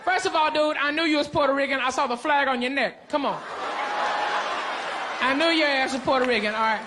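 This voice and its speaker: A man performs a brash, profane stand-up set, firing off punchlines in a strikingly high voice. The room is a big hall with long reverb, and a loud audience laughs throughout. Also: fairly quick, noisy background. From Arkansas, US. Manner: brash, profane, punchy delivery with crowd work. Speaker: stand-up comedian. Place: large comedy venue with live audience.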